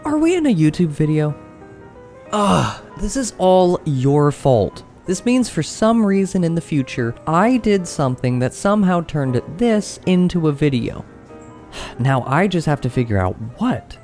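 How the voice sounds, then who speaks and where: A young man narrating a comedic tech vlog, animated and exclaiming, bantering with himself, with faint music behind. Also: a little high, unhurried. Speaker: YouTube creator.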